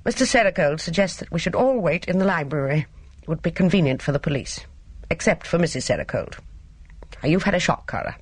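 An audiobook reader voicing a brisk, managing female companion who gives orders, in a husky voice. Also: medium pitch, lively intonation, dry recording. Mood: bossy.

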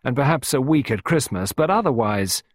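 An insolent, sneering man with a smooth, mocking delivery, voiced by a male narrator a little higher than his own low register. The tone is slightly husky and the recording is dry and close. He sounds amused at everyone's expense. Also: expressive, moderate pace, no room sound, natural voice. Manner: brusque, mocking and impertinent.

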